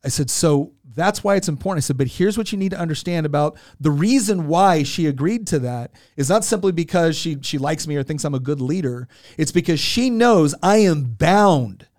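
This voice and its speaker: A man's voice: a little high, expressive, normal speed, few pauses, darkish tone, no room sound. Earnest man in a dry room. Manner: earnest, repeats words when restarting. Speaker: podcast co-host. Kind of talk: casual storytelling.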